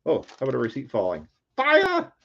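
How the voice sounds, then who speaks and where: Card break host, male, low voice that swings wildly, excitable, muffled lo-fi stream sound. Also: a little slow. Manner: excitable, shouts over big pulls; chatty, reads player names aloud. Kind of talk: live card break commentary.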